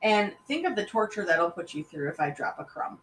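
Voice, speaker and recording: Woman doing a patient storybook wife, calm, gently insistent, slightly raised voice, echoey room. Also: mid-range voice, a little fast, recorded from a distance, a little hiss or hum.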